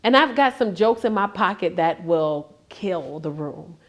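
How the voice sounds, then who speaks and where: A woman's voice: on the low side, unhurried. A woman comedian in her forties, a grandmother, chatting in an interview and acting out her kids as she tells stories. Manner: animated storytelling, acts out family members. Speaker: stand-up comedian; interview guest. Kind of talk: casual interview chat.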